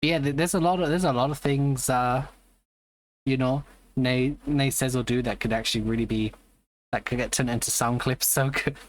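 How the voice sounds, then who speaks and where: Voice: medium pitch, steady tone, normal speed. A live streamer in casual chat, rambling and greeting viewers by name.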